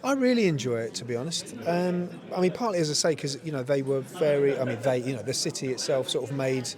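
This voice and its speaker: A man's voice: medium pitch, expressive, fast, crowd noise. A man in his fifties, a lead actor chatting casually in an interview, rambling and full of "you know" and laughter. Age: 50s. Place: busy event venue at a screening.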